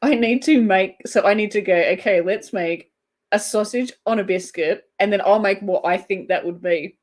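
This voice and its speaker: Speaking at medium pitch and a normal speed, an Australian woman runs a laid-back crochet livestream. She chats and giggles a lot while reading her viewers' comments aloud.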